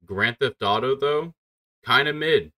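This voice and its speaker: A man's voice: medium pitch, unhurried, pushed and bright. A man joining a casual podcast chat, blunt and offhand in his remarks. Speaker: podcast guest.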